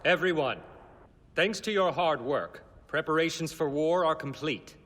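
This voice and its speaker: A man's voice: on the high side, a bit bright. An actor playing a scheming noble lord who turns into a gushing, baby-talking father around his little son, in an English anime dub. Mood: grave. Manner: grave, measured in council. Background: music.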